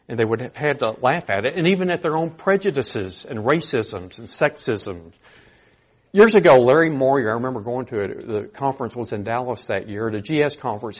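A man preaching a sermon with a slightly husky, breathy voice at an average pitch. He talks in an earnest, conversational way and leans into animated emphasis.

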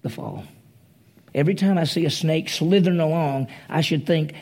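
A man preaches a conversational sermon, retelling a story and slipping into its voices. His voice is gravelly and husky, sitting a little high for a man. The tone stays dark and mellow. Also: moderate pace.

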